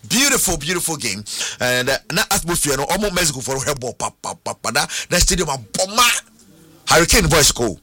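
A Ghanaian man presenting sports on radio, excitable, switching between languages and slipping into sing-song phrases. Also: a little high, fairly quick, no echo. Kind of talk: sports radio talk mixing Twi and English.

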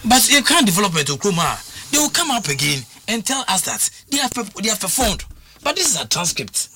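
A man's voice: high-pitched, very animated, fairly quick, pushed and bright, a little hiss or hum. A man talking football as a pundit, emphatic and full of restarts and repeated words. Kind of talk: animated radio sports talk.

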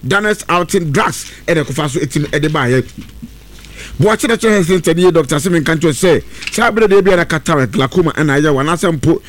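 A man presenting on radio, chatting and reading live adverts in a lively voice. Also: on the high side, fairly quick.

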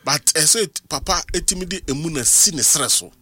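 A man with a Ghanaian accent hosts a casual sports talk show, switching between English and Twi. His pitch swings a lot as he talks. His tone is bright and forward. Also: a little fast, slightly rough, dry recording. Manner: animated, mixes English and Twi.

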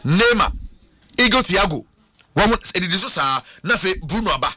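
A man with a Ghanaian accent hosting a radio sports show, talking in an excitable, sing-song way and mixing languages. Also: high-pitched, fairly quick, husky, dry recording, studio quality. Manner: switches between Twi and English, sing-song and excitable.

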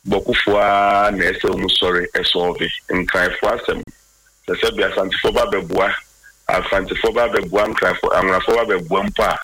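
A man's voice: sits low, flat delivery, normal speed, bright, forceful tone, husky, poor audio. A man commenting on current affairs in a radio talk discussion, switching between Twi and English and stating firm opinions.

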